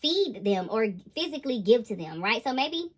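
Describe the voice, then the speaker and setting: A woman giving a casual tarot reading to her viewers, animated and exclaiming as she goes. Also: on the high side, normal speed. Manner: animated, laughing, exclaiming "ooh, child". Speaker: intuitive tarot reader.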